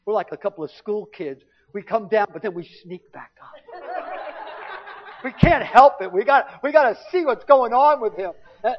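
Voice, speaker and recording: A middle-aged man preaching, telling a lively personal story from the pulpit and acting out what his family said. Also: sits high. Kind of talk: sermon testimony storytelling. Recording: dull lo-fi recording.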